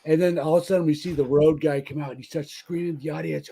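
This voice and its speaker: A man's voice: a little high, fast, mellow, husky. A man on a podcast telling rambling, profane stories in a casual chat. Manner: rambling, profane anecdotes, frequent restarts. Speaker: podcast guest, band member.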